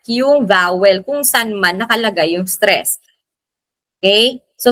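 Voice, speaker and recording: A Filipino woman teaching a recorded lesson, explaining slowly and repeating key terms. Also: fairly high pitch, pushed and bright, dry recording. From Philippines. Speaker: Spanish teacher. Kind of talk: recorded lecture in Taglish.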